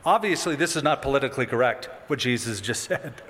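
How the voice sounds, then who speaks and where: A man preaching a sermon with a lively, dramatic delivery that rises and drops sharply. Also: mid-range voice, fast talker, slight background noise. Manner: animated, dramatic with sudden drops. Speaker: pastor. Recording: long reverb of a hall.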